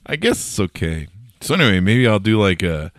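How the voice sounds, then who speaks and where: A man's voice: fairly low pitch, very animated, fairly quick, no room sound, clean studio sound. A man hosting a casual solo news podcast, tired and yawning, rambling with jokes and swearing. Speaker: podcast host.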